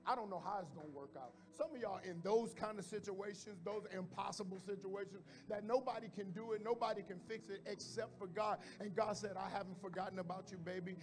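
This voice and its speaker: A male pastor preaching in church, moving from hushed tones to shouts and repeating phrases for emphasis. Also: high-pitched. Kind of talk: sermon. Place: church sanctuary with congregation. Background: music playing under the preaching.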